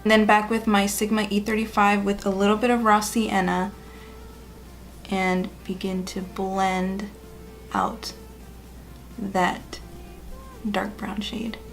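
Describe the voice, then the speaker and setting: Upbeat woman beauty vlogger with a creaky, fry-edged voice, chatting viewers through a tutorial. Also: mid-range voice, little pitch movement, takes it slowly, pauses often, soft background music. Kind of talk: casual makeup tutorial narration.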